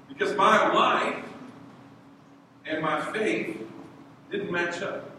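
Animated man preaching in an echoey church. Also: high voice, unhurried. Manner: animated storytelling, acting out voices. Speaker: pastor. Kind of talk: sermon. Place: church hall. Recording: echoey hall from far off, noisy.

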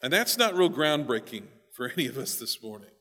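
A male pastor giving an emphatic sermon, often repeating words, moving between quiet asides and loud stresses, with long hall reverb. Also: medium pitch, very animated, a little fast.

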